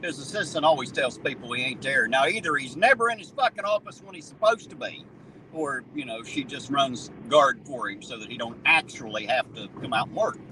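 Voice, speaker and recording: While driving, this auditor and channel host keeps up casual, mocking chatter peppered with swearing and laughter. His medium-pitched voice is animated and fairly quick, and the rough recording picks up loud road noise from the car.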